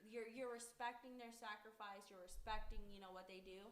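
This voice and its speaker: A woman's voice: medium pitch, steady tone, a little fast. Giggly woman in an echoey room. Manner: giggly, laughs often between words. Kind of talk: casual chat. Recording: echoey room with faint noise.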